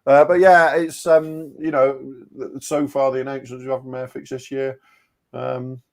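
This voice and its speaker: Male co-host, hesitant and chatty, mid pitch, relaxed banter. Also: creaky, a little hiss or hum. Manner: hesitant, filler-heavy, easygoing banter. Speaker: co-host of a live stream. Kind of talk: casual live-stream chat.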